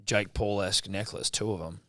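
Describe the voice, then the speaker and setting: A man's voice: lowish voice, steady tone, brisk, a bit bright, no echo, clean studio sound. A man, co-hosting a casual sports podcast and telling stories with plenty of swearing. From Australia. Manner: swears freely, tells stories with put-on quotes. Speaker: podcast co-host.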